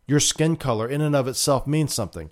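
A man's voice: medium pitch, fast talker. A man hosting a political talk show, delivering emphatic, indignant commentary and often repeating himself.

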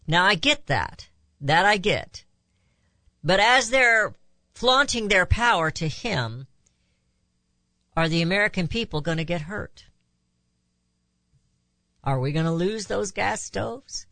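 A woman's voice: medium pitch, expressive, slow, pauses often, pushed and bright, no room sound. A woman hosting a talk radio show, delivering an impassioned opinion monologue full of rhetorical questions.

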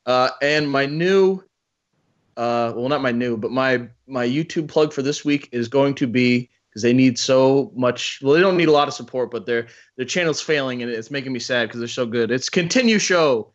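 Man, podcast co-host, rambling, jokey, mid pitch, muffled sound. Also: moderate pace. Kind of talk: casual chat.

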